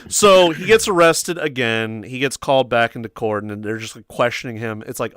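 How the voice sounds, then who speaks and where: A man tells a story on a casual livestream, rambling from one tangent to the next, with bursts of laughter and plenty of swearing. His voice sits at an ordinary mid pitch, and the recording sounds dry and close, with little room around it. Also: normal speed, few pauses, clear, resonant tone, no room sound. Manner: rambling, animated, laughing, cursing. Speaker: livestream host.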